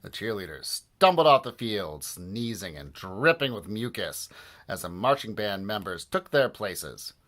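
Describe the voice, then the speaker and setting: Lively man reading a children's book aloud. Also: fairly low pitch, measured pace. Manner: animated, playful delivery with many voices. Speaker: storybook reader.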